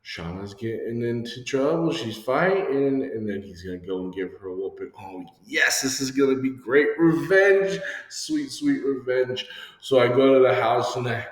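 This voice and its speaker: A man's voice: mid-range voice, moderate pace. A man teaches young listeners, telling a story from his childhood with plenty of energy and playing each character's voice. His voice sits in a middle range. It rings out in a roomy hall with a long, lingering reverb. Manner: animated storyteller who acts out voices. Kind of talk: lesson with a personal story.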